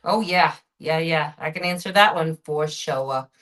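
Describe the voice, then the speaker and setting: A woman being interviewed on a podcast, telling stories in an animated, expressive way. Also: low-pitched, measured pace. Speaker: podcast guest. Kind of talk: conversational interview.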